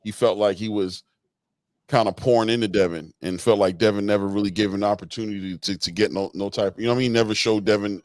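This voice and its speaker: A man hosting a casual boxing chat, excitable and slangy, laughing often. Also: fairly low pitch, fast, no room sound. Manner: excitable, laughing, slangy, says "bro" a lot. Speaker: boxing podcast host.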